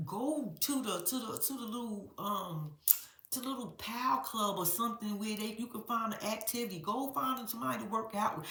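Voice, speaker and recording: A woman giving a blunt, profane, animated recap of a reality show, talking straight to her viewers in a casual vlog. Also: fairly high pitch, normal speed, roomy sound. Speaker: reality TV commentator.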